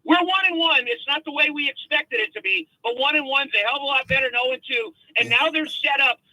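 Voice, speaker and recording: A man's voice: extremely high pitch, brisk, sharp tone, dry recording, poor audio. A man in his fifties calling a sports radio show, giving earnest, rallying opinions about his team. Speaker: caller. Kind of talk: call-in sports commentary.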